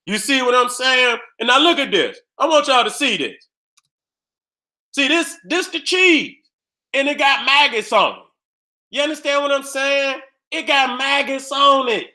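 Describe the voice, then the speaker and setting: Man, very high voice, profane casual ranting commentary, emphatic and repetitive. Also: pushed and bright. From Detroit area. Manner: profane, emphatic and repetitive, reacting to images on screen. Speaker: online commentator.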